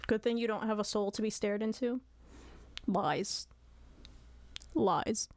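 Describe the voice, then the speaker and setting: A woman's voice: medium pitch, slow pace, no echo. Woman streamer, casual chat, laughs often, dry close sound. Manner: giggly, apologetic, chatty.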